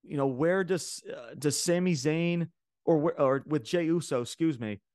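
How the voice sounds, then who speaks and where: A man's voice: on the high side, moderate pace, a little mellow, no echo. Rambling man recapping wrestling, dry mic. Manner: rambling, many fillers and restarts, paraphrases wrestlers' lines. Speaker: wrestling podcast host. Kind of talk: casual show review and recap.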